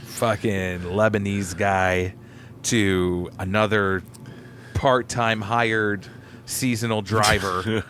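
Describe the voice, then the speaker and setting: A man's voice: on the low side, takes it slowly, slight background noise. Swearing male podcast co-host. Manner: animated storytelling with swearing and put-on quotes. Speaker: podcast co-host, delivery driver. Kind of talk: casual profane chat.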